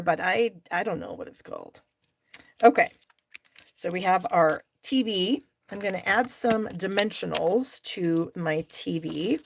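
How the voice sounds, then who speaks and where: A woman's voice: fairly low pitch, vocal fry, slight background noise. Chatty woman hosting a live craft class. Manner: chatty, talks to viewers by name, openly frustrated at mistakes. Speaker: stamping class host.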